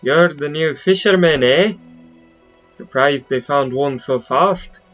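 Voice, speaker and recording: A man doing a gruff brogue fishmonger. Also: fairly high pitch, takes it slowly, fairly bright tone, muffled recording, faint music behind. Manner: rough put-on northern brogue. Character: downcast gruff male fishmonger.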